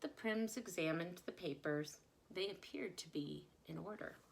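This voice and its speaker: A woman reading a children's picture book aloud with expressive, dramatic delivery. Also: fairly low pitch, unhurried, creaky. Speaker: storyteller.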